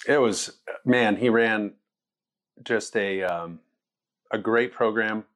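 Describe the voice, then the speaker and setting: A man, a former quarterback, telling stories as a guest in a relaxed, laughing way. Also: fairly low pitch, slow. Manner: loose and laughing, quotes people in lively voices. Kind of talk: casual storytelling interview.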